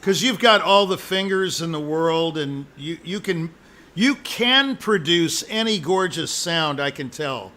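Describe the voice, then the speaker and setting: A man's voice: on the high side, animated, measured pace, pushed and bright. A man giving a musician live spoken feedback as an audition judge, emphatic and jokey, repeating his points.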